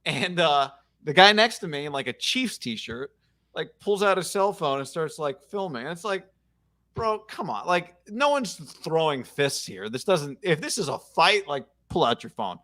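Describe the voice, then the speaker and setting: A male sports radio host with a lively, swooping voice that rides a little high. He talks casually and tells stories with blunt, animated opinions. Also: normal speed.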